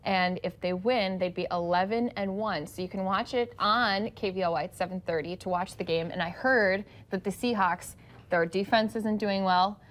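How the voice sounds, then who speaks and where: A woman's voice: mid-range voice, normal speed. A woman co-hosting a morning show, chatting casually and laughing often. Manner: giggly, chatty and animated. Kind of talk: casual chat.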